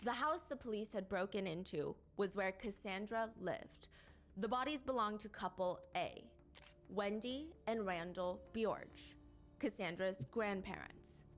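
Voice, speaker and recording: Woman, mid-pitched voice, measured true crime narration. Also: soft background music. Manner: measured, descriptive storytelling.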